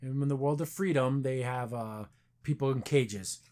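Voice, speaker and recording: A man hosting a podcast, chatting casually as he reviews a show and retells scenes in quick put-on voices. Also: medium pitch, dark tone. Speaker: podcast host.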